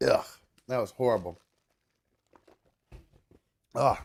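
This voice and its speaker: A man's voice: medium pitch, moderate pace, long pauses. A man hosting a casual show while forcing down an eating challenge, groaning and swearing as he sweats and strains between bites. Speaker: podcast host.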